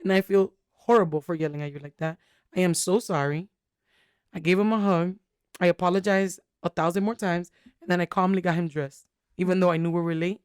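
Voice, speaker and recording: A woman's voice: fairly low pitch, fairly even intonation, fairly quick, a little mellow, clear, resonant tone, no echo, studio quality. A young woman co-hosting a podcast, telling a candid, rambling story full of fillers in casual chat. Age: young adult. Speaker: podcast co-host.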